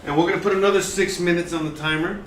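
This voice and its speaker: A man's voice: high-pitched, steady tone, very fast, soft background music. A man, a former chef, hosting a casual live cooking stream from a kitchen, rambling and joking with lots of filler words. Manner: rambling, filler-heavy, jokey. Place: home kitchen. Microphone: distant from the mic. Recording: roomy, distant, noisy home recording.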